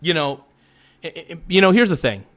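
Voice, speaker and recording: A man's voice: a little high, lively intonation, a bit bright. A livestream host talking straight to someone in a heated, repetitive rant. He swears, stumbles into restarts and keeps correcting himself. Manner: halting restarts and self-corrections. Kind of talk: livestream monologue.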